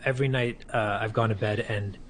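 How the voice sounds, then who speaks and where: A man who streams, chatting casually and haltingly, often restarting his sentences. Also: fairly low pitch, fairly even intonation, a little hiss or hum. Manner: hesitant, halting, with many restarts. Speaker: streamer hosting the call. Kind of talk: casual chat.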